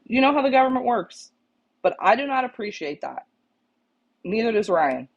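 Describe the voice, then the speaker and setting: A woman's voice: fairly high pitch, sing-song, normal speed, creaky. A woman co-hosting a pigeon club show, talking bluntly and with exasperation to members and repeating her points for emphasis. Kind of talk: casual live-stream chat to club members. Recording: dull, lo-fi stream audio.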